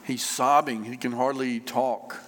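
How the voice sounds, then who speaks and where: A man preaching a sermon in an easy, conversational way, stopping on fillers and going back over his phrases. His voice sits at an ordinary middle pitch. A long reverb hangs after each phrase, the sound of a church hall. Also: steady tone, measured pace, fairly bright tone, slight background noise. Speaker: pastor.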